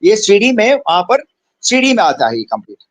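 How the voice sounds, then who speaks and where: Fast, high-voiced older Indian man. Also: big pitch swings, dry recording, rough recording. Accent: Indian English. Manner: acts out dialogue, switches between English and Hindi. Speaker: senior cardiologist, interview guest. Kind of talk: animated personal storytelling.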